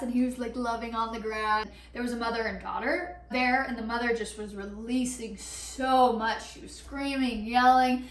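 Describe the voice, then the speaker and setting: A young woman telling a story in a casual vlog, chatty and animated, with lots of "like" and quick laughs. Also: a little high, distant mic. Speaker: vlogger. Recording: echoey room, a bit off-mic.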